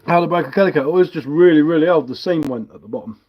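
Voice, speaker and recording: Casual bloke, easygoing live-stream chatter, muffled lo-fi audio. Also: male voice, fairly high pitch, racing. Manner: relaxed, rambling, self-mocking. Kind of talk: casual chat while carving. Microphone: headphones with mic.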